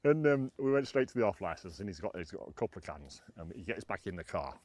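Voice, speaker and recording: A man's voice: sits low, big pitch swings, quick pace, darkish tone, no echo. A man, a former footballer, chatting outdoors while fishing, telling rambling, chuckling anecdotes with lots of restarts. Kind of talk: casual storytelling chat.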